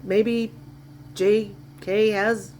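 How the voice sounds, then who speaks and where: A woman's voice: medium pitch, little pitch movement, drawn-out words, a little mellow, a little hiss or hum. A woman giving sarcastic, mocking reaction commentary on a livestream clip.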